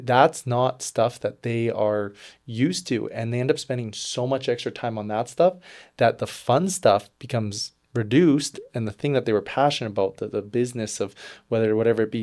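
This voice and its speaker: Lawyer co-host, man from Canada, mid-pitched voice, steady explanatory tone. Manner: steady, explanatory, agreeable listener. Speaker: corporate lawyer, podcast co-host. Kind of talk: casual podcast chat.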